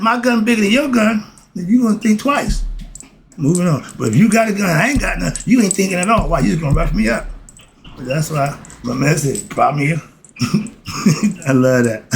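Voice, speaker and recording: Animated man with a lively, high voice. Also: a little hiss or hum, poor audio. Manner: animated, street talk, bursts into shouting then apologizes. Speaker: host. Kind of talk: casual spoken commentary on philosophy.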